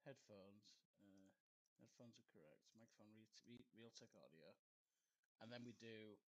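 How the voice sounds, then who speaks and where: A man's voice: on the low side, a little slow. A man streaming a game, muttering to himself and chuckling while he fiddles with his computer microphone. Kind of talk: casual live stream chat. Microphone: desktop computer microphone.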